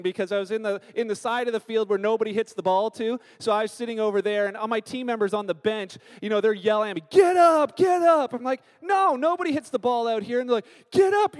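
A man in his thirties preaching a sermon as a pastor, telling stories with animated acted-out quotes. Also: high-pitched. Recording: long hall reverb.

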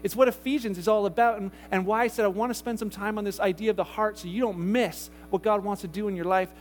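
A man preaching a sermon to a church congregation, talking casually and asking his listeners rhetorical questions. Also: high-pitched. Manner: grows loud and animated in the story he tells. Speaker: pastor.

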